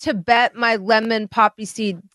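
A woman's voice: fairly high pitch, steady tone, measured pace, fairly bright tone. A woman co-hosting a casual podcast chat, talking bluntly and with animation, swearing freely and dropping in Hindi-Urdu words. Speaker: podcast co-host.

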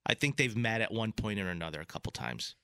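A man's voice: fairly low pitch, fast, vocal fry, clean tone, no echo. A man in casual chat, animatedly telling a story and acting out the people in it. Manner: animated, acts out other people's voices in his stories.

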